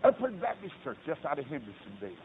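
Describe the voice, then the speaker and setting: Fiery high-voiced preacher. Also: male voice, wildly swooping pitch, fast talker. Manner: fiery, swings from low storytelling to loud shouted peaks. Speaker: Baptist preacher. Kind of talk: storytelling sermon. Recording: tinny lo-fi recording with faint hiss.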